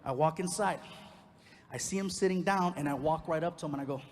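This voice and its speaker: High-voiced comedian on a reverberant stage. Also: male voice, brisk, slight background noise. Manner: animated, acting out quoted people in the story. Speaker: stand-up comedian. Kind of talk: stand-up storytelling. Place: comedy stage before a live audience.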